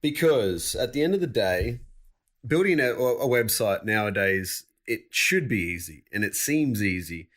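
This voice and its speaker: A man's voice: fairly low pitch, expressive, a little slow, a bit bright. A young man hosting a business podcast, joking with his guest in casual chat before moving on to the topic. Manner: joking, upbeat. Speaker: podcast host.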